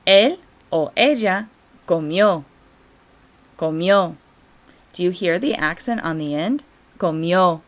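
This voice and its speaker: A woman teaching a Spanish grammar lesson, encouraging her students and modeling slow, drilled Spanish forms between quicker English explanations. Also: on the low side. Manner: encouraging, coaxing students to pause and practice.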